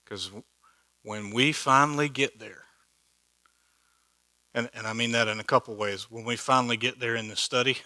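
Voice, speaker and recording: A man's voice: medium pitch, pushed and bright. A man teaching a Bible study in a church hall, conversational and joking, with many rhetorical questions.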